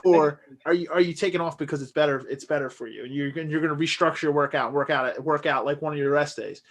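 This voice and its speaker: A man's voice: fairly high pitch, fast, fairly bright tone. A man co-hosting a podcast, talking earnestly and motivationally in casual chat with plenty of fillers. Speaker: podcast co-host.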